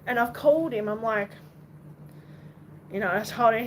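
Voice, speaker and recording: A woman's voice: on the high side, moderate pace. A young Australian woman from Western Australia chatting casually on a livestream at home, rambling and swearing now and then, and talking to her cat. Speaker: livestream host. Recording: noisy background.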